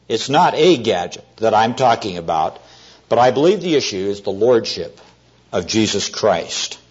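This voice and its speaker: An earnest male preacher delivers an evening sermon, his fairly high voice rising and falling a great deal. He slows down to press key words home. The recording is dull and lo-fi. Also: breathy edge. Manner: earnest storytelling, often slowing to stress words.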